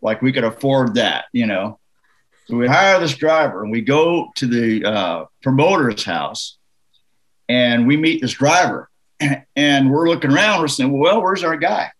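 A man from Canada, a musician guest in a casual interview, telling an anecdote in a lively, laughing way. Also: medium pitch, measured pace, rough recording. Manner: animated, laughing anecdote teller.

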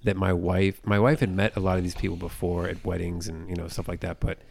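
A man's voice: low voice, flat delivery, fast, gravelly, a little mellow. A man co-hosting a podcast in casual chat, telling rambling stories and often checking in with "you know what I'm saying". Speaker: podcast co-host.

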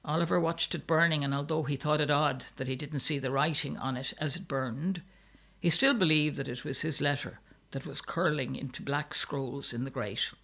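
A man reading a story aloud in a measured, steady narration. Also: on the high side, vocal fry.

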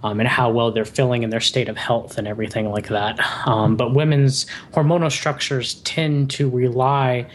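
A man's voice: medium pitch, steady tone, moderate pace, hardly any pauses, slight background noise. A man on a podcast as a guest, explaining things in long, winding runs of casual chat.

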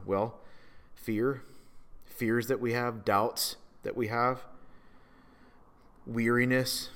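A man preaching a sermon. He rises to loud, emphatic peaks and drops to hushed, slow phrases. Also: lowish voice. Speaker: pastor.

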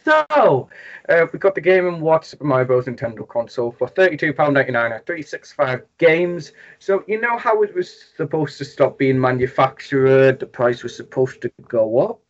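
Geordie man chatting on a podcast. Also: medium pitch. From North East England. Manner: jokey, quick, rambling with fillers. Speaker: podcast co-host. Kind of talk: casual gaming podcast chat. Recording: dull lo-fi podcast audio.

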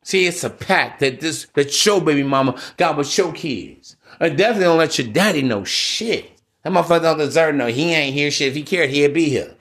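High-voiced man ranting in street slang. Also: animated, fairly quick, fairly bright tone. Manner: profane, preachy, street-slang rant addressed to listeners. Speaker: podcast host. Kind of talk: solo podcast monologue.

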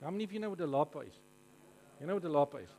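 A man with a South African accent preaching to a congregation. He tells stories in an animated, jokey way and keeps asking the audience questions. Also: on the high side, racing, rough recording. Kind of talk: storytelling sermon to a live congregation.

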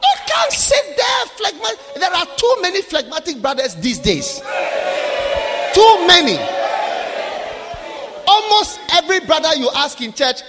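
A man preaching a sermon, shouting for emphasis and mimicking people in a sing-song voice. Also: very high voice, wildly swooping pitch, measured pace, long pauses, big-room sound, over music, crowd noise.

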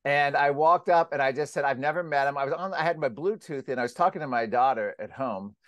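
Animated, rambling American man, dry close sound. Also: on the high side, fast talker, no echo, muffled recording. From United States. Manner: animated, rambling with restarts, acts out quotes loudly. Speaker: guest, climate skeptic publisher. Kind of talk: casual interview storytelling.

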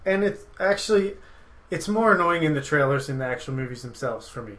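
A man's voice: fairly high pitch, lively intonation, brisk, fairly bright tone, rough recording. A man hosting a movie podcast, chatting casually and rambling through his opinions with frequent laughs. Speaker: podcast host.

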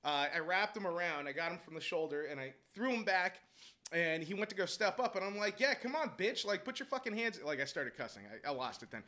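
A man telling a heated story about coaching basketball, animated and profane, laughing as he goes. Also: a little high, brisk. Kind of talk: casual storytelling chat.

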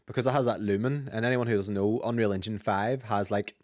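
A man's voice: lowish voice, fairly even intonation, a little mellow, no echo, clean studio sound. A man with a Northern Irish accent co-hosting a gaming podcast in casual, sweary banter. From Northern Ireland. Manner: rapid, chatty, sweary banter. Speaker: podcast co-host.

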